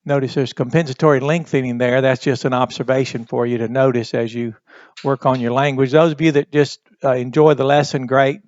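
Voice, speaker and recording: A man giving a recorded Bible Greek lesson, speaking slowly and deliberately, with frequent pauses and fillers. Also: medium pitch, level tone, darkish tone. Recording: dry, dull lo-fi recording.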